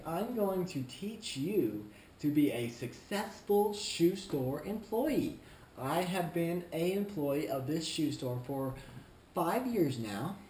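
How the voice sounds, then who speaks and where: A man playing a smug, slow-talking shoe clerk. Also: a little high, warm tone, slight background noise. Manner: slow, deliberate, condescending, smug. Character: smug, self-important male shoe store clerk. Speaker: shoe store employee character. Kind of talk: comedic vlog monologue. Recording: roomy echo, faint ambience.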